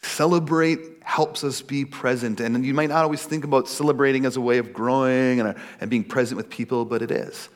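A man in his thirties preaching a casual, animated sermon, acting out little quotes. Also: brisk, hardly any pauses. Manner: animated, acts out quotes in a high voice. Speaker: pastor.

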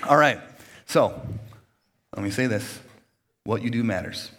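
A man's voice: medium pitch, moderate pace, long pauses, fairly bright tone. A man pastor on a church stage inviting people to be baptized, chatty and joking, laughing often and restarting his sentences. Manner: laughs often between phrases. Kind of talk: casual sermon invitation.

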